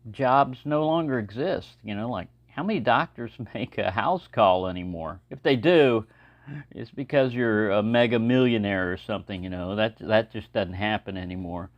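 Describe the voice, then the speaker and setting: A man's voice: medium pitch, dry recording, muffled recording. Rambling Texan man showing knives. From Texas. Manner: rambling, relaxed, many fillers. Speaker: knife collector vlogger. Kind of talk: casual show-and-tell talk.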